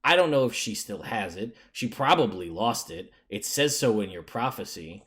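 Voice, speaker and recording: A man's voice: lowish voice, animated, normal speed, a bit bright. A man voicing an exasperated, rambling adult male traveler stranded far from home in a tabletop game.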